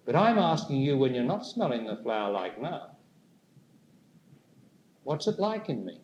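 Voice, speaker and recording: A man giving a spiritual talk to a live audience, speaking slowly and deliberately and putting questions to the listeners. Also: medium pitch, very animated, a little mellow, lo-fi sound. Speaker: spiritual teacher. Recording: echoey room with faint noise.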